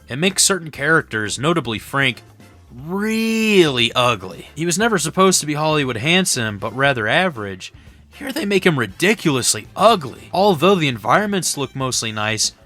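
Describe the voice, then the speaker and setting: Casting: male reviewer, crisp bright voice-over read, opinionated and blunt, faint music behind. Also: mid-range voice. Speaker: game reviewer.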